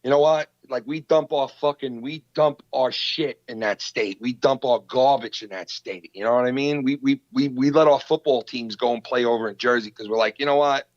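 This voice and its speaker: A man, hosting a podcast and retelling a feud in a heated, profane, animated way. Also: medium pitch, normal speed, few pauses, no room sound, muffled recording. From New York. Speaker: podcast host. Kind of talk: casual podcast storytelling.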